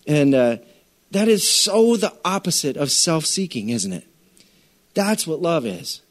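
A man preaching a sermon as pastor, telling stories in a casual, animated way and acting out quoted voices. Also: mid-range voice.

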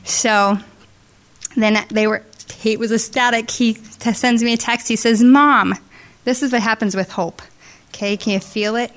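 A woman's voice: fairly high pitch, fairly even intonation, normal speed. A middle-aged woman telling an earnest, emotional testimony story to a congregation at a church service. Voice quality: earnest, emotional, with restarts and soft asides.

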